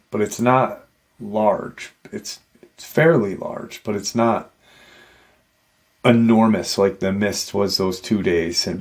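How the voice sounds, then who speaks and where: A man hosting a paranormal channel, casually retelling an encounter story in a rambling way with many "you know" asides. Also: fairly low pitch.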